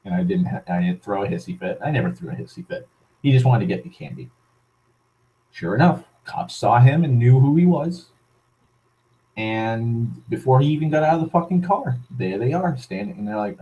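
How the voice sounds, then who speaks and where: A man with a mid-pitched voice rants through a personal story in a vlog. He swears constantly and restarts his sentences. He talks in a heated, rambling way. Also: lively intonation, moderate pace, dark tone, poor audio. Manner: profane, heated, full of restarts. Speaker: vlogger.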